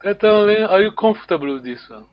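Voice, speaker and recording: A man with a slightly raised pitch teaches a language class online, stopping often to repeat words and check that his students follow. The sound comes through a video call and is muffled and lo-fi. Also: lively intonation, fairly quick.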